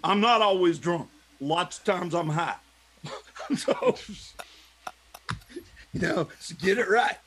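High-voiced laughing musician man. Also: expressive, slow pace, long pauses, noisy background. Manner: laughing often, storytelling. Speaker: podcast co-host, musician. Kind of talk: casual chat.

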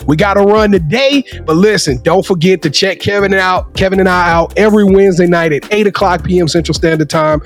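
A man hosting a sports talk podcast, closing the show with energetic, emphatic hype. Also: sits high, a little fast, hardly any pauses, faint music behind. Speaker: podcast host. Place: Dallas.

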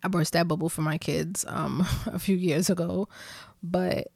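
A woman's voice: fairly low pitch, steady tone, measured pace, vocal fry, a little mellow, dry recording. Playful woman podcast host, dry sound. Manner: chatty and playful, laughing often. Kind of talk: casual chat.

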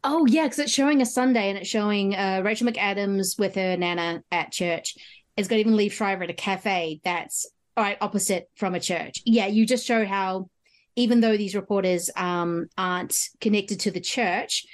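Woman podcaster talking movies, chatty, lots of mm-hmms, mid pitch. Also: normal speed. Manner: chatty, animated, frequent "mm" backchannels. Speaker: podcast host. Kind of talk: casual film discussion.

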